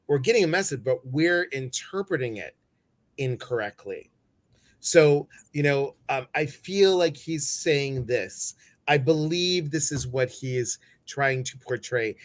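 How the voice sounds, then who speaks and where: A man's voice: fairly high pitch, a bit bright. A man hosting a live stream, chatting casually, greeting viewers and reading their comments, with many fillers. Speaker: host.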